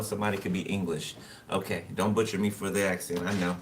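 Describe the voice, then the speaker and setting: A man with a low, fairly flat voice rattles off a casual tarot reading at a fast pace with hardly any pauses. He talks loosely to the viewer, laughs to himself, and draws cards as he goes. The mic is distant and the background noise is loud.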